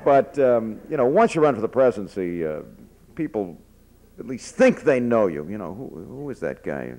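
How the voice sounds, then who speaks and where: A man's voice: medium pitch, sing-song, normal speed, mellow. An older man giving an informal speech from a platform, telling anecdotes in a folksy way with frequent fillers and restarts. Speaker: speaker addressing students. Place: speaking from a platform to an audience.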